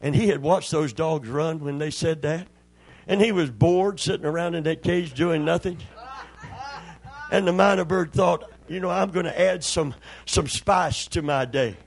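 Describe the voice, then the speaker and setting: Here an older man delivers a sermon full of homespun anecdotes, acting out each character's voice. He speaks at a moderate pace in a slightly high register, and his tone carries a breathy edge.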